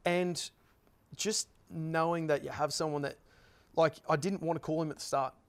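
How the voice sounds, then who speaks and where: A man's voice: fairly high pitch, fairly even intonation, moderate pace, clear, resonant tone. A man earnestly telling a personal story in a group conversation, rambling with frequent restarts. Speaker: panel guest.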